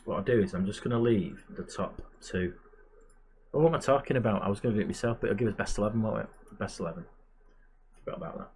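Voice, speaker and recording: A man's voice: on the low side, fast, a little mellow, a little hiss or hum. A man giving casual, chatty commentary while playing a management game, muttering asides to himself. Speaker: gamer and channel host.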